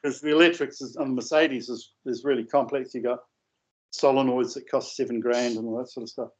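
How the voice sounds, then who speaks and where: A man telling a long, rambling anecdote in a casual, animated way, with coarse language. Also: medium pitch, brisk. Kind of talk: casual storytelling. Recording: dull lo-fi audio.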